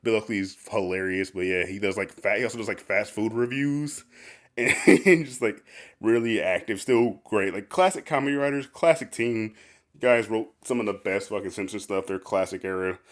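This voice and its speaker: A man's voice: lowish voice, moderate pace. A man hosting a casual podcast, rambling with lots of fillers and laughing often. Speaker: podcast host.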